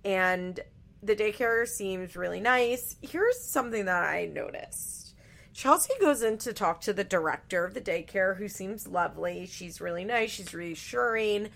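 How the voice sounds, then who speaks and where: Gravelly-voiced woman ranting bluntly. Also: medium pitch, expressive, a little slow, fairly bright tone. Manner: blunt, profane and frank, with frequent fillers. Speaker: podcast host recapping a reality show. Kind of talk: casual opinionated commentary.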